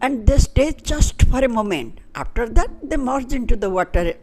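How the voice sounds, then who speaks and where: A woman's voice: fairly high pitch, lively intonation, moderate pace, darkish tone, slight background noise. A woman retelling a story in a loose, unscripted way with fillers and restarts. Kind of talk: storytelling narration.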